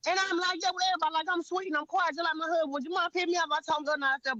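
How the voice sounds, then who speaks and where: A woman's voice: very high-pitched, fairly even intonation, very fast, few pauses, pushed and bright, dry recording, muffled recording. A woman telling a heated story on a live panel, blunt and profane, with lots of emphasis.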